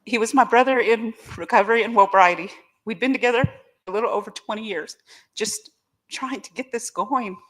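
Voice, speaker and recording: A woman's voice: a little high, a little fast, fairly bright tone. A middle-aged woman, giving a personal testimony as guest speaker at a recovery meeting, candid, emotional and joking, talking straight to the crowd. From Oklahoma.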